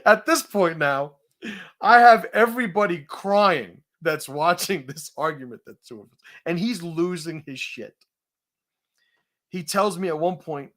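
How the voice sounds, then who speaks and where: A man host telling a profane confrontation story in a casual, animated way, laughing at his own punchlines. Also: on the high side, takes it slowly, pauses often.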